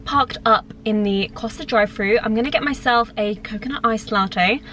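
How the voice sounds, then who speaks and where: A woman's voice: on the high side, normal speed, bright, forceful tone. A woman in her twenties, an influencer chatting casually and self-mockingly to her viewers from inside her car. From United Kingdom. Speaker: lifestyle influencer. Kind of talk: casual chat to camera. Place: inside a car at a drive-thru.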